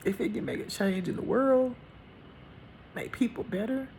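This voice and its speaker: A woman giving an impassioned personal monologue as a spiritual teacher, colloquial and blunt, dropping into a hushed lower voice when she speaks for God. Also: moderate pace, a little hiss or hum.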